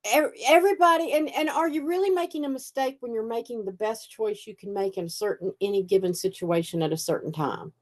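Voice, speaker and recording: A woman's voice: a little high, brisk, few pauses. A woman co-hosting a casual podcast, thinking aloud in a reflective way, often restarting her sentences. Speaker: podcast co-host. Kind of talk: casual conversational podcast chat.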